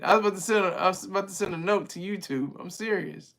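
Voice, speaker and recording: A man's voice: high-pitched, fast, vocal fry, hardly any pauses. A man hosting a livestream, talking casually with his viewers in a rambling, chatty way and laughing easily. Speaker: livestream host reading viewer chat.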